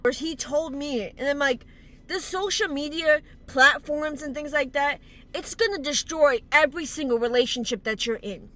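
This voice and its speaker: Bright and forceful at a moderate pace, a young woman's high voice carries a heated, exclamatory rant in her casual life-advice vlog, laced with plenty of swearing. A slight lisp from her dental aligners comes through.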